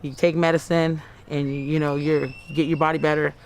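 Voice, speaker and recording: A woman in her thirties being interviewed for the news. She recounts her story in a halting, repetitive way, often acting out her own quoted words. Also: low-pitched, flat delivery, slight background noise. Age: 30s. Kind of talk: personal account in a news interview.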